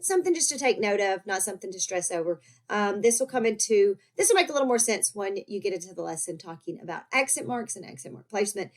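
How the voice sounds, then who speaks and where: Patient woman teaching a grammar lesson. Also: a little high. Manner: patient, checks in with "okay?" and "right?". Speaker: Spanish teacher.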